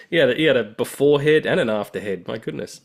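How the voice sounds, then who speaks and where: A man as a podcast guest, making wry quick remarks in casual chat. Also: medium pitch, animated, vocal fry.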